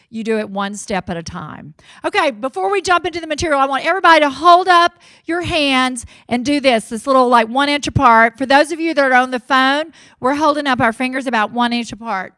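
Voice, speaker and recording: High-voiced Southern woman, lively speaker. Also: no echo. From Mississippi, US. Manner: energetic, folksy, cheering the crowd on. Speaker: motivational speaker. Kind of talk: keynote speech to a live audience.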